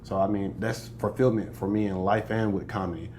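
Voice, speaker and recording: Young american comic dude, low voice, bragging and laughing a lot, bit of hiss in the back. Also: male voice, steady tone, a little fast, darkish tone. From United States. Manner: boastful, joking, laughs often. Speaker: comedian guest. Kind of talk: casual interview chat.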